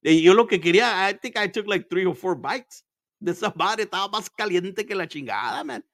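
A man's voice: high voice, expressive, brisk, a bit bright, no echo, clean studio sound. A man telling stories in casual chat as a podcast host, laid-back and profane, laughing often and mixing Spanish into his English.

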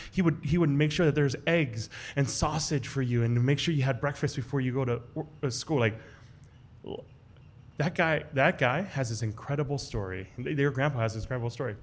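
A man telling a personal story in a casual way to a live audience at a restaurant event, slipping into the voices of the people he quotes. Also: a little fast. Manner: animated, acts out quoted voices with big jumps in pitch. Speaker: guest storyteller on a live podcast show.

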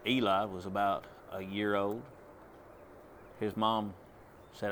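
With a fairly low, flat voice, this preacher moves at a slow pace and leaves long pauses, over slight background noise. His sermon testimony is plain, drawling storytelling that rises into loud commands.

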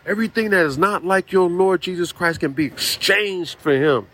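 Male preacher, slightly high voice, emphatic repetitive sermon delivery. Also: moderate pace, hardly any pauses, a bit bright.

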